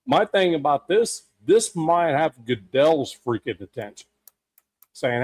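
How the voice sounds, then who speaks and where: A man with a somewhat high voice co-hosts a casual sports podcast. He argues emphatically, often restarting and repeating phrases as he builds his point. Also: lively intonation, takes it slowly, darkish tone. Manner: emphatic, repetitive, argumentative. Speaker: podcast co-host.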